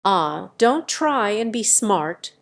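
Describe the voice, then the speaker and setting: A woman voicing a big, slow-witted husband who shouts and growls at his wife in an audiobook. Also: mid-range voice, big pitch swings, vocal fry, exaggerated voice. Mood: angry.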